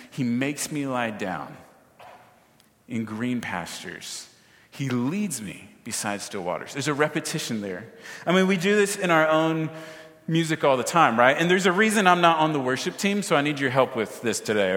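A man delivers a sermon with energy, often turning to the congregation with quick asides and questions. His voice sits a little high for a man. The sound carries a long reverberant tail, as in a large hall. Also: fairly bright tone. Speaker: pastor.

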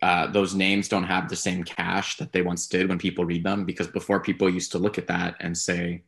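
A man with a very deep, gravelly voice talks casually on a podcast. He hedges and rambles through his points in a flat, even tone. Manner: rambling, measured, hedging. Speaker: podcast co-host. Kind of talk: casual sports talk.

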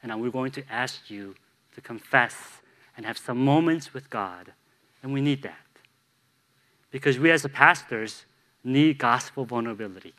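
A man's voice: medium pitch, bright, forceful tone. A man from Chicago preaching a sermon as a pastor, telling candid, self-deprecating stories with humor. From Chicago, USA.

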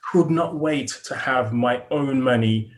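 Give me an earnest, middle-aged British man in a relaxed interview. His voice sits in a plain middle register. He restarts phrases as he gathers his thoughts and laughs lightly now and then. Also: medium pitch, unhurried. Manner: earnest, repeats words as he thinks, chuckles often. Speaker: podcast guest. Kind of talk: reflective interview storytelling.

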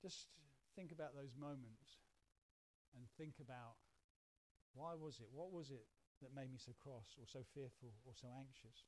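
A man's voice: medium pitch, moderate pace. A middle-aged man from England, preaching a conversational sermon and acting out quoted voices. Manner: conversational, animated, acts out little quoted voices. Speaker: pastor.

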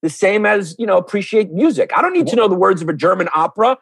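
A man's voice: high-pitched, fast talker, vocal fry, breathy edge, dry recording. A man guest on a podcast, telling comic stories and ranting crudely in casual chat. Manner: animated, crude comedic rants. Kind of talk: comedic storytelling in casual chat.

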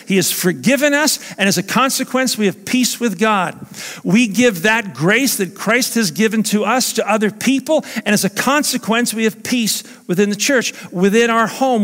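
High-voiced pastor preaching in reverberant church. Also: male voice, expressive, moderate pace, a bit bright. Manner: earnest, emphatic preaching with repeated phrases. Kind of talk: sermon.

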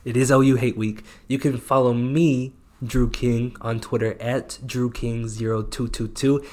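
A young man co-hosting a casual sports podcast, chatting in a relaxed, conversational way. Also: mid-range voice, unhurried. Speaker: podcast co-host.

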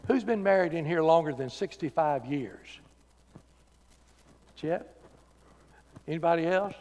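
Preacher in a reverberant sanctuary. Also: male voice, on the high side, measured pace, pauses often. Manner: emphatic preaching that rises loud then drops to quiet, intimate talk. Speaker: pastor. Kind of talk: sermon. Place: church sanctuary. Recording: church sanctuary with long reverb.

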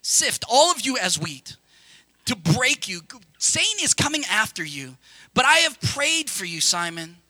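A young male pastor gives an animated sermon that is full of asides to the congregation. His voice sits very high for a man and sounds bright and sharp. The sound is close and dry. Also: no room sound. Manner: animated, conversational preaching with quick asides to the congregation.

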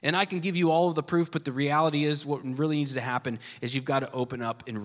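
A man's voice: fairly high pitch, fairly even intonation, quick pace, few pauses. Earnest man preaching in a reverberant hall. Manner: earnest, swings between emphatic and hushed soft delivery. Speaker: pastor. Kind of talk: sermon. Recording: long reverb of a large hall.

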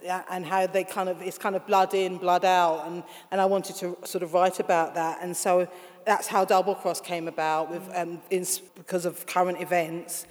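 Woman author, interview guest; animated, laughing storyteller; reverberant room. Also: on the low side, normal speed. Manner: animated, laughing, acts out quoted voices.

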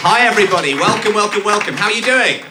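A man co-hosting a live comedy show, trading playful deadpan quips with his partner. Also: high-pitched, quick pace, a loud crowd, very noisy. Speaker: comedy podcast co-host.

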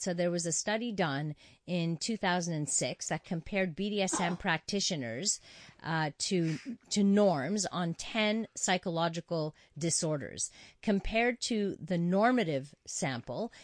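A woman with a fairly low voice hosts a talk show, reading listener texts aloud and working through research findings. She talks with frequent "uh"s and small restarts. The sound is dry and close. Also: dry recording. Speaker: host. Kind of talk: radio talk show discussion.

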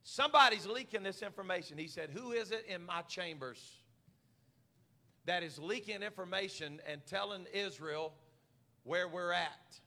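High-voiced preacher in a reverberant hall. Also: male voice, unhurried. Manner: preaching with rising shouts and repeated words. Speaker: pastor. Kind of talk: sermon. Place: church hall. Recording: live church hall reverb.

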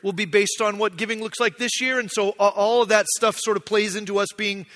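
A man's voice: sits high, steady tone, brisk, a bit bright, big-room sound. A middle-aged man, a pastor, giving a conversational, self-deprecating sermon in a church sanctuary.

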